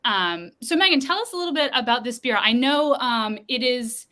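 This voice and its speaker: A woman from the Boston area hosts an online festival stream over a video call. Her voice is bright and sits a little high, and she keeps the talk upbeat and chatty. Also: expressive, normal speed. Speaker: festival host. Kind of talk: casual live-stream chat.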